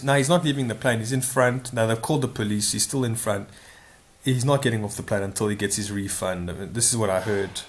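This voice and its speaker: A man spinning a casual story out loud, drifting into asides and stopping to correct himself mid-sentence. His voice sits at an ordinary middle pitch, and he sounds loose and unscripted, like a man talking off the cuff. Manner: rambling, self-correcting, many asides. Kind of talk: casual spoken anecdote.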